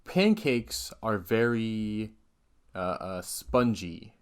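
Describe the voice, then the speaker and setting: A man's voice: fairly low pitch, lively intonation, extremely slow, smooth. A man co-hosting a podcast, chatting casually with a dry, teasing manner. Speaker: podcast co-host. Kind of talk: casual chat.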